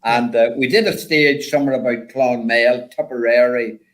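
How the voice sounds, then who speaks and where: An older man, a former rally driver, telling stories in a rambling, animated way with lots of repeated words. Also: medium pitch, normal speed, low-quality recording. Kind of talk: casual storytelling chat.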